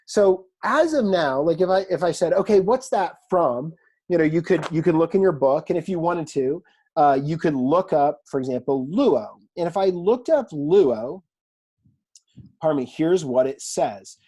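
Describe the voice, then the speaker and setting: A man teaching a language class in a relaxed lecture style, chatty and self-deprecating, often quizzing his students. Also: fairly high pitch, moderate pace, breathy edge. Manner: conversational, self-deprecating, asks the class questions. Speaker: Greek teacher.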